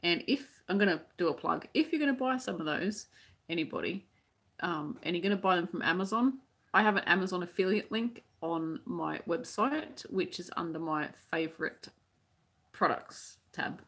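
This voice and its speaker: A woman's voice: fairly low pitch, normal speed, fairly bright tone, slightly rough. An Australian woman who teaches crochet, chatting casually on a live stream as she reads out viewer comments, rambling with many restarts.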